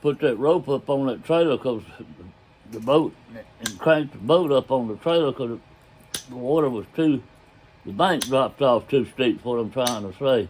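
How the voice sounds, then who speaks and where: A man's voice: mid-range voice, normal speed, a little mellow, slight background noise. An older man telling a story about his own past in a casual, folksy way. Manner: folksy drawl, loose grammar, chuckles as he tells it.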